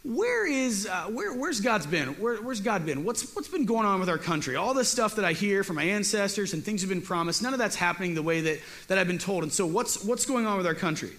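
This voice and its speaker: A man's voice: sits high, expressive, brisk, hardly any pauses, fairly bright tone. A man voicing an anxious, doubting young man who stammers out questions. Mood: doubtful.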